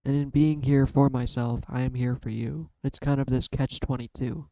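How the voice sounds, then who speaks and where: In a heartfelt talk to camera, a YouTube vlogger who reads cards tries not to cry, searching for words and repeatedly trailing off and restarting. He speaks at a moderate pace in a steady, dark, medium-pitched voice. The audio is poor but has no echo.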